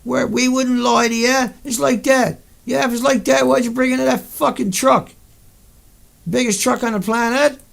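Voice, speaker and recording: Over a series of pictures, this man rages in a profanity-laced monologue punctuated by abrupt outbursts, his anger never letting up. His raised, high voice is rough with heavy fry yet fairly bright, with fairly even intonation at a moderate pace.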